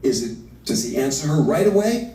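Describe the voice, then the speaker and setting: A man teaching a livestreamed literature lesson, animated and reading verse slowly and dramatically. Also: fairly high pitch. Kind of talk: livestreamed lecture. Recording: roomy, from far off the mic.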